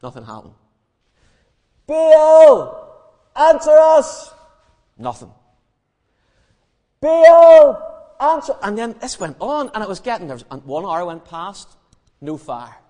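A man telling a Bible story in an animated, humorous sermon, acting out the scenes. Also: on the high side, brisk, big-room sound. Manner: lively, acts out the story, humorous. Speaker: preacher.

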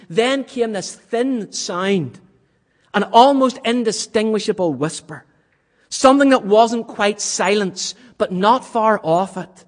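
A man preaching a sermon in a church, swinging from loud, vivid passages to hushed, almost whispered questions. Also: sits high, takes it slowly, in a large hall.

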